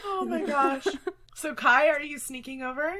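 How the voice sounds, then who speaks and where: A woman narrating as game master for a tabletop game, chatty and quick to laugh. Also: high-pitched, over a noisy crowd. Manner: laughs often, chatty with fillers.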